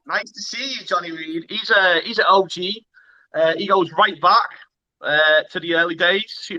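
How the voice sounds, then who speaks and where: Bright, high-voiced Cheshire man hosting. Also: a little slow. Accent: Cheshire, northern English. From Cheshire, England. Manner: laid-back, matey, calls guest bro. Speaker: host. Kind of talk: casual online interview chat. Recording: dull lo-fi audio.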